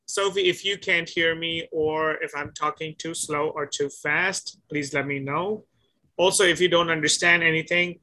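A bright, clear-toned man leads a one-on-one English lesson. He is patient, repeats his questions slowly, and keeps checking whether his student is following. His voice sits a little high for a man. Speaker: English teacher.

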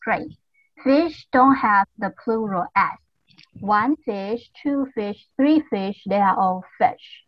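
A woman's voice: mid-range voice, animated, slow. A woman leads an online class for children, drilling simple words in a patient, encouraging voice and spelling them out carefully. Her audio comes through a dull, slightly lo-fi video call. The sound is dry, with no room echo. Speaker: English teacher for young learners.

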